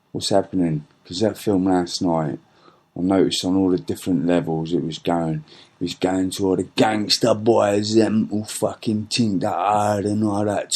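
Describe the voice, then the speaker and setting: Low-pitched man, middle-aged, angry profane rant, rambling restarts. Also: a little mellow. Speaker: podcast host. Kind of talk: ranting monologue.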